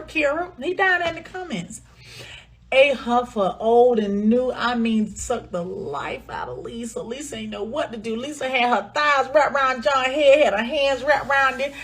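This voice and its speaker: A woman's voice: medium pitch, a little hiss or hum. Woman telling a steamy story. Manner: dramatic, drawn-out retelling with quoted dialogue, dropping to a murmur for characters. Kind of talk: casual storytime narration.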